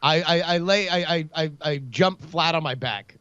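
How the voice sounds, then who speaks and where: A man's voice: a little high, moderate pace, bright, forceful tone, clear, resonant tone, no room sound. A man joking and stammering as a player in a tabletop game, on a dull lo-fi recording. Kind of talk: tabletop role-play. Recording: dull lo-fi sound.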